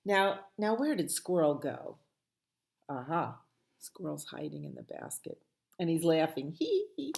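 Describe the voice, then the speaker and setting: A woman librarian reading a picture book to children, lingering over every sound word and taking her time. Her voice sits a little on the low side, and she keeps the reading playful and expressive throughout. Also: a little slow, vocal fry, a little hiss or hum. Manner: expressive, playful read-aloud with sound words. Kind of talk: storytime picture-book read-aloud.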